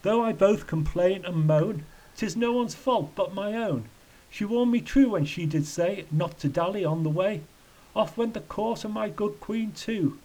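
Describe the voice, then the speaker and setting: A man's voice: on the high side, unhurried, a little mellow, low-quality recording. A man voicing a wretched, childlike male tramp who wails in sing-song rhymes for a storybook reading. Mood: wailing. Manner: sing-song rhyming wail.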